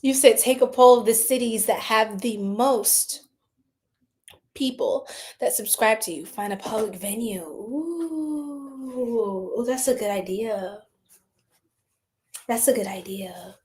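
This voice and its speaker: A woman's voice: on the high side, takes it slowly, long pauses, a little mellow. A woman with an American lilt hosting a tarot livestream, chatting casually with her viewers, laughing often and swearing freely. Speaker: tarot reader livestream host.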